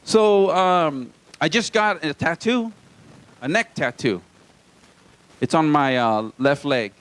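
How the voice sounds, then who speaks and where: A man's voice: fairly high pitch, slow, a bit bright, smooth. A man from Hawaii doing a live stand-up set in a small comedy club, with self-deprecating, wry asides to the crowd.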